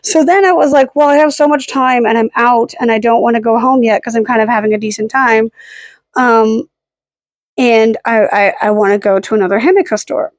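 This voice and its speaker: A woman's voice: fairly high pitch, fairly quick, no room sound. Rambling young-sounding woman vlogging. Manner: rambling, self-deprecating, with frequent "like" and "um" fillers. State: hiccuping and burping. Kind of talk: rambling casual vlog. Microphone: camera held at arm's length.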